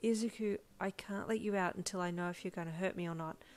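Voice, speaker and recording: A woman voicing the listener character, a caring and determined young vet, speaking earnestly and softly. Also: fairly low pitch, fairly even intonation, fast talker, heavy background noise, lightly acted. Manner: earnest and soft-spoken. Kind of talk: second-person listener role.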